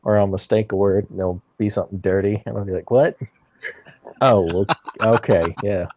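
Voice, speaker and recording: A man's voice: on the low side, little pitch movement, brisk, muffled recording, background noise. A man co-hosting a casual podcast chat, telling jokey stories and laughing often. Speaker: podcast co-host.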